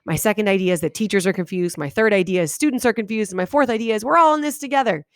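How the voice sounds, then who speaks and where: A woman teacher giving a video lesson to her students, talking animatedly and reading example sentences aloud with big exaggerated pauses. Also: mid-range voice, no room sound, clean studio sound. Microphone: webcam microphone.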